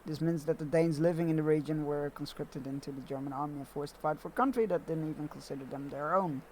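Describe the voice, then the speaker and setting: A man's voice: on the high side, fast talker, a little hiss or hum. A man streaming a game, chatting casually and reading the game text aloud with asides. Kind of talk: casual let's-play commentary. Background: game music.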